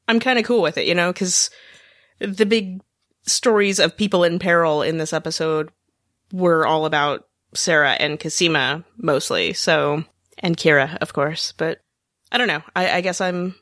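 A lower-voiced woman co-hosting a podcast, her pitch swooping up and down a lot as she talks. She rambles expressively and laughs often. The sound is dry and close. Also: a bit bright, no room sound. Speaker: podcast co-host. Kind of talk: casual chat.

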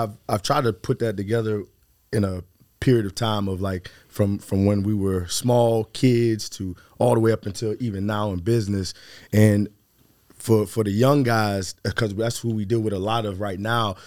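A man's voice: lowish voice, steady tone, normal speed, a little mellow, dry recording. A man co-hosting a podcast, a former player, talking casually and restarting his phrases as he thinks. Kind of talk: casual interview chat.

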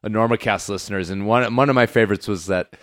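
A man hosting a podcast in casual chat, talking loosely with many fillers and quick laughs. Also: lowish voice, no room sound, clean studio sound. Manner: chatty, laughing, quotes people in put-on voices. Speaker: podcast host.

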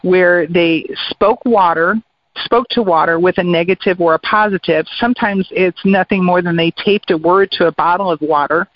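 A woman's voice: on the low side, normal speed, no echo. A woman guest on a radio talk show, explaining her ideas in an earnest, casual way. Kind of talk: casual chat. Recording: dry, muffled radio audio.

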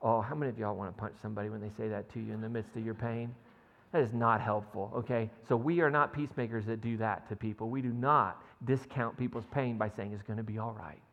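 A man's voice: on the low side, steady tone, fast talker, gravelly, fairly bright tone, big-room sound, highs cut off. A man preaching a sermon in a conversational way, often checking in with his listeners and reading scripture aloud. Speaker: pastor. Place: church sanctuary.

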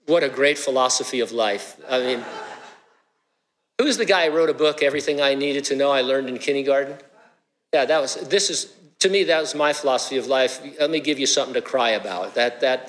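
Joking pastor in an echoing hall. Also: male voice, on the high side, a bit bright. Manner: conversational, joking asides to the congregation. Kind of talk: sermon. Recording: long hall reverb.

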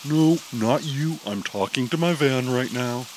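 A man voicing an excitable, nervous male superhero who pleads urgently in a raised voice. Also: mid-range voice, measured pace, slight background noise, low-quality recording.

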